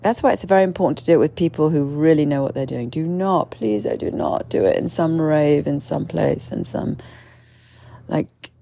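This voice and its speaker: Woman in her own voice, low and gravelly, unscripted and meandering monologue. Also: normal speed, dark tone. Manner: candid, meandering, with many fillers and restarts; mimics others with sudden shrill outbursts. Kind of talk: casual storytelling monologue.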